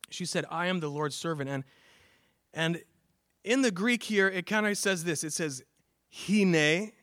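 A man's voice: a little high, fairly bright tone, dry recording, clean studio sound. A man preaching a casual sermon with slides, talking conversationally with fillers and restarts, and rising into emphatic bursts on quoted words. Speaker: pastor.

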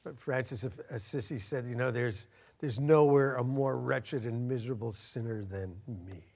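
A man's voice: medium pitch, creaky. Earnest male pastor preaching a sermon. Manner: earnest, swells louder and slows down for emphasis.

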